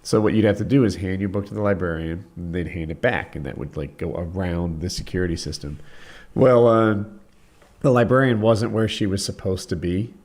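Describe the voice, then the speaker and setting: A man's voice: low voice, a little fast, darkish tone. A man, a podcast co-host telling a school story in a wry, laid-back way. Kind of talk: casual chat.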